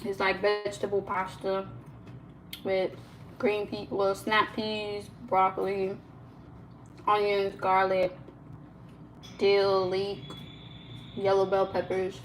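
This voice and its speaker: A young woman, hosting a casual live stream from her kitchen, animated and full of "like" fillers. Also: medium pitch, slow pace, pauses often, a little hiss or hum, rough recording. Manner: chatty and animated, lots of "like" fillers, laughs often. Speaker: livestream host. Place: home kitchen.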